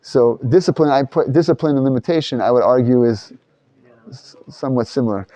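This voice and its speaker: A man with a mellow, darker tone teaches a relaxed class discussion in a study hall. His pitch sits in an ordinary middle range. He rambles and restarts his sentences as he thinks aloud. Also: a little fast, muffled recording.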